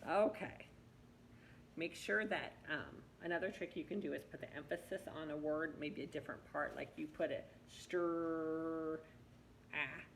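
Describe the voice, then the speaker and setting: A woman with a deep, gravelly voice walks a student through sounding out words. Her tone is patient and encouraging. A faint hiss sits behind her. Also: normal speed, a bit bright, poor audio. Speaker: reading teacher. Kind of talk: one-on-one reading lesson.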